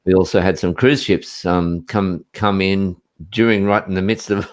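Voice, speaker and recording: Casting note: deeper-voiced guy in middle age, loose and talkative, speaking over a video call. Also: steady tone, moderate pace. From Australia. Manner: chatty, rambling with restarts, laughs easily. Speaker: guest, coach. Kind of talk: casual chat on a live stream.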